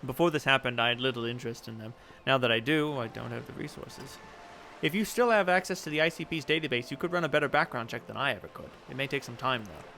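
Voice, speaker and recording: A man reading aloud as a composed middle-aged woman envoy, in a measured, formal and diplomatic way. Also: mid-range voice, lively intonation, creaky, pushed and bright, slight background noise. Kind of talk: reading game dialogue aloud.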